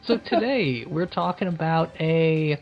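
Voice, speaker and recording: A man's voice: fairly high pitch, lively intonation, unhurried, gravelly. A man co-hosting a podcast in casual chat, jokey and self-mocking, laughing often. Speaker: podcast co-host. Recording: dull lo-fi recording with faint music.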